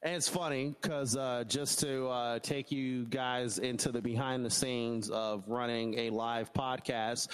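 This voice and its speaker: A man's voice: medium pitch, fairly bright tone, clear, resonant tone. Joking profane man, reverberant sound. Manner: loose, profane, joking storytelling. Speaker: podcast host. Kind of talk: casual live podcast chat.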